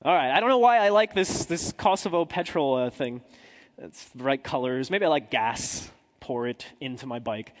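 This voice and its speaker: A man's voice: medium pitch, expressive, normal speed, in a large hall. A man, a journalist, telling a humorous story to a live audience in a chatty, self-deprecating way with asides to the crowd.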